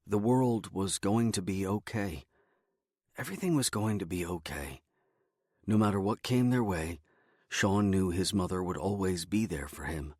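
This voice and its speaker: Low-voiced male audiobook narrator. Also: no echo, clean studio sound. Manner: measured, even storytelling. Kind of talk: scripted first-person narration.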